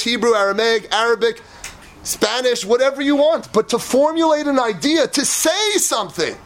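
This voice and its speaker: Man, rabbi, Torah talk, high voice, lively, laughing asides, faint background hiss.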